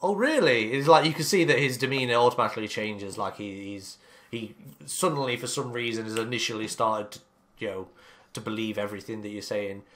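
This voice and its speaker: A man's voice: lowish voice, steady tone, fairly quick, a bit bright. A man running a tabletop game as dungeon master, narrating casually and hesitantly, with lots of fillers.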